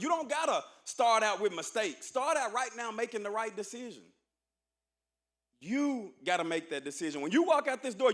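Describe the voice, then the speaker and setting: A man giving a rousing, preacher-like motivational speech to new students in a large auditorium. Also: sits high. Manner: preacher-like, emphatic, calls for audience response. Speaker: university administrator speaking at orientation.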